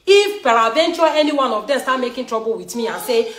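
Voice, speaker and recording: Speaking a little high and a little fast, this Nigerian show host from Edo State scolds her viewers live, hammering the same points over and over with emphasis. Her Nigerian English accent comes through a recording with a roomy echo.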